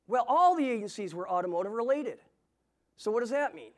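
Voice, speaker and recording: A middle-aged man with a notably high voice shares his testimony from the pulpit of a church. He tells the story earnestly, stumbling over and restarting words as he goes. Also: expressive, a little fast, a bit bright. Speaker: guest preacher giving testimony. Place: church sanctuary.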